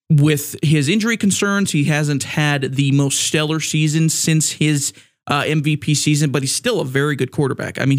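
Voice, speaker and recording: Male sports podcast host, slightly high voice, loose rambling delivery with sarcastic asides. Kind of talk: casual sports talk.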